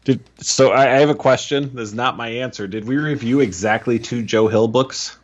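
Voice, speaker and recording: A man's voice: medium pitch, normal speed, lo-fi sound. A man co-hosting a podcast, guessing answers in casual chat with a self-deprecating, hesitant manner. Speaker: podcast co-host.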